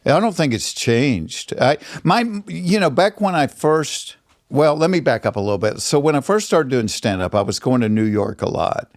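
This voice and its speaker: A man's voice: mid-range voice, normal speed, no room sound. An older man with a Georgia Southern accent, telling stories as a podcast guest in a studio and acting out the people he quotes. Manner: animated, acts out quoted people. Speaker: guest comedian. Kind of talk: storytelling in a podcast interview.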